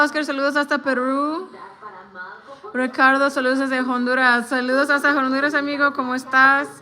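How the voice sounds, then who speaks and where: A woman in her thirties with an American accent, chatting casually on a live stream, switching between English and Spanish and greeting viewers. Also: high-pitched. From United States. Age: 30s. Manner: relaxed, hesitant with fillers while crafting. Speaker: livestreaming vlogger.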